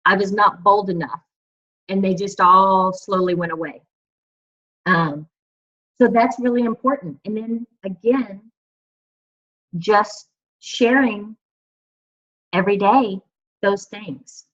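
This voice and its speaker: A woman's voice: mid-range voice, slow, pauses often, a bit bright. A woman leading her team on a video call, chatty and encouraging, with many fillers. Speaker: team leader. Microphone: computer mic on a video call. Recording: dull, lo-fi video call audio.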